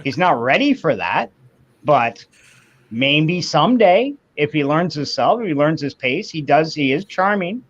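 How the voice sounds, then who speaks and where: A man chatting casually on an online show, giving opinions in slow, drawn-out phrases and acting out the voices he quotes. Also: a little high, big pitch swings, a bit bright. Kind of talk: casual chat. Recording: dull lo-fi audio.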